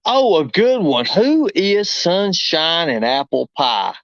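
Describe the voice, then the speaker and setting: Speaking slowly yet very animated, this middle-aged Kentuckian has a fairly high-pitched voice as he hosts a casual livestream full of rambling, folksy exclamations. The muffled, dull audio carries no room sound.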